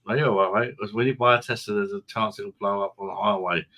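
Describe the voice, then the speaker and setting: Low, bright-voiced joking stream host. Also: male voice, fairly even intonation, fast talker. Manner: laughing often, crude swearing banter. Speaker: host of an online pub live stream. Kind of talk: casual live-stream chat, reading out viewer comments.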